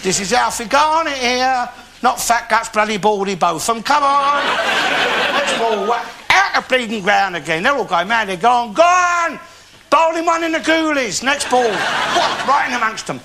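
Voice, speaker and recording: An actor playing a bigoted, blustering older Londoner with a Cockney accent, boasting and ranting coarsely in a live character monologue. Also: male voice, very high-pitched, expressive, normal speed. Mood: boastful. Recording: live theatre with loud noise and laughter.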